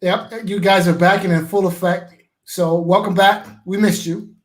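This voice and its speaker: A man's voice: high-pitched, fairly even intonation. A man joining a live boxing talk show as a pundit who lays out his argument step by step. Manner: measured, builds a case step by step.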